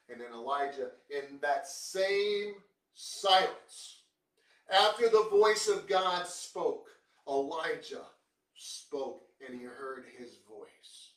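A male preacher giving a sermon, emphatic, posing rhetorical questions and swinging between quiet and loud. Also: mid-range voice, recorded from a distance. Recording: roomy, from off the mic.

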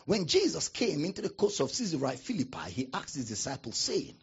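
Man preaching, husky gravelly voice, swooping pitch, dull lo-fi recording. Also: wildly swooping pitch. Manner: preaching with dramatic pauses and emphatic repetition. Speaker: pastor. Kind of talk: sermon.

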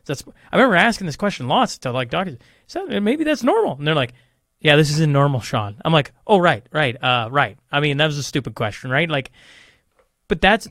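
A man's voice: mid-range voice, fairly bright tone, no echo, studio quality. A man hosting an interview podcast, talking casually and rambling, joking at his own expense and calling listeners folks. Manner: rambling, self-deprecating, addresses listeners as folks. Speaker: podcast host.

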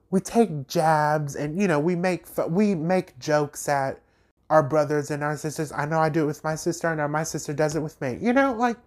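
A man hosts a reality TV recap podcast and talks through the drama in a casual rant. He is animated and emphatic, and he throws in sassy asides and pointed questions. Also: on the high side. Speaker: podcast host.

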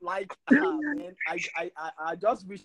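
A man's voice: high-pitched, sing-song, a little slow, over a noisy crowd, low-quality recording. A man, ranting passionately in a casual podcast chat and stumbling over repeated words when worked up. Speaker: podcast co-host.

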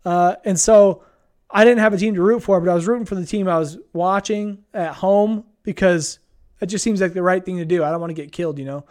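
High-voiced rambling young man. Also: steady tone, brisk, darkish tone. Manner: rambling, laid-back, many fillers. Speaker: vlogger. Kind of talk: casual travel storytelling.

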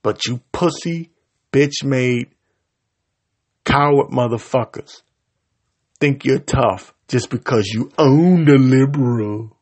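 Man, gravelly voice, husky edge, vulgar confrontational rant, loud bursts and low mutters. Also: slow pace. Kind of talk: profane angry rant to camera.

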